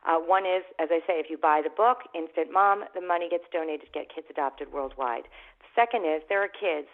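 A middle-aged woman from Canada, a guest actress and author, telling lively anecdotes and acting out the voices in them. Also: low-pitched, a little fast. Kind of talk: animated storytelling in an interview. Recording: phone-like narrow sound.

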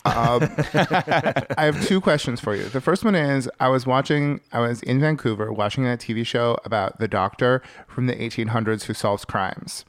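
A male podcast guest in casual chat, telling wry stories in an animated way. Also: medium pitch, normal speed.

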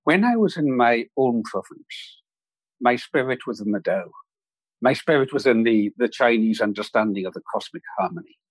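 A wizened old rainmaker speaks with quiet serenity, as a man puts him on while telling a story. The voice is husky and dry, with no room sound. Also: mid-range voice, expressive, moderate pace, no room sound. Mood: serene.

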